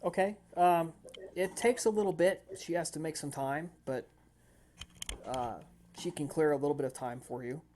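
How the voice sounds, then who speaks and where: A man serves as game master, describing scenes for his players in a loose, rambling way. His voice is mellow and dark in tone, with frequent fillers and restarts. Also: on the high side, normal speed, a little hiss or hum. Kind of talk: narrating a tabletop game.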